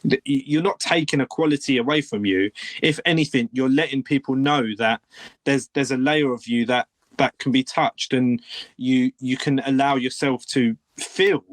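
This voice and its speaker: An earnest man co-hosting a casual podcast, speaking openly about his feelings. His voice sits at an ordinary pitch and the recording is dry and close, with no room sound. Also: moderate pace, no room sound. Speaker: podcast co-host. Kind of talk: casual chat. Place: home room.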